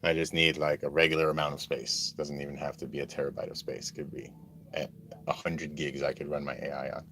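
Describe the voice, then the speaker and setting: A man with an extremely low voice talks loosely to his viewers, full of "like" and "um." He is outdoors, and steady background noise comes through the recording. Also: fairly quick. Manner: rambling, filler-heavy talk. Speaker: vlogger livestreaming from a desert camp. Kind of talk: casual livestream chat. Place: outdoors at a desert skate park camp.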